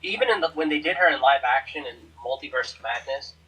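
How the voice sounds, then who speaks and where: A man's voice: medium pitch, fast talker, bright, forceful tone, distant mic, rough recording. A man co-hosting a podcast, rambling casually through comic-book lore with plenty of swearing. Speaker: podcast co-host. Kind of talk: casual chat.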